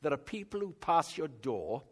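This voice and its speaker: An older man preaching a sermon in a conversational way, bantering with the congregation, with big swings in loudness. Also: a little high, sing-song, normal speed. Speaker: pastor.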